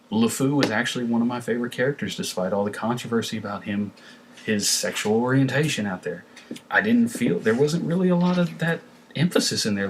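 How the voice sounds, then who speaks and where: A man with a medium-pitched voice reviews a film in a casual, rambling, conversational way, full of fillers and restarts. There's a little hiss or hum in the recording.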